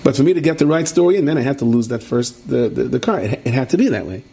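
A middle-aged man teaches a Torah class, telling stories animatedly and asking his listeners questions. His mid-range voice is creaky and husky, and he speaks at a quick pace.

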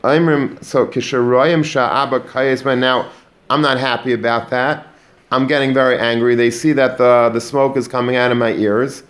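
Give me an animated man teaching students a Torah lesson at an everyday pitch. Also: moderate pace. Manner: animated, repeats words while building a point; mixes in Hebrew and Yiddish terms. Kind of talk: religious lecture to students.

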